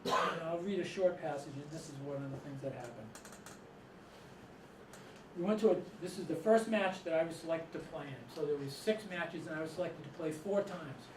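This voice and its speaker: A fairly quick, higher-pitched male voice belongs to a middle-aged author and storyteller from Massachusetts. He tells rambling stories to a live audience in a room, chuckling often. The recording is noisy and echoey, with the mic placed far away.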